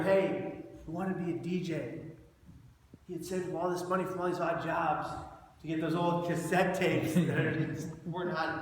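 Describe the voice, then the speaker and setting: A keynote speaker gives a personal talk to an audience in a large event hall, animatedly acting out the people in his story with big, sudden jumps in loudness and pitch. He's far from the mic in a very echoey hall, with slight background noise.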